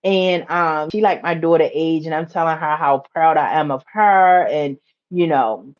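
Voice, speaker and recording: A woman from the United States chats on a casual livestream, telling a story in a rambling way and repeating her phrases. Her voice sits a little low, and her pitch climbs when she gets excited. The sound is muffled, like lo-fi livestream audio. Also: a little slow. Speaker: livestream host.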